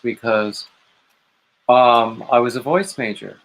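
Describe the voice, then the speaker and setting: A man hosting a live stream, talking in a measured, explanatory way with some wry humor. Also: mid-range voice, steady tone, fairly bright tone, poor audio. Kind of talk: casual chat.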